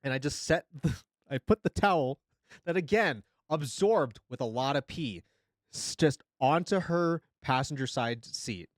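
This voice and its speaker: A young male streamer tells a comic story into a close mic. His pitch leaps up and down with dramatic emphasis, and he swears freely. The sound is dry and close. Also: expressive, measured pace, no echo.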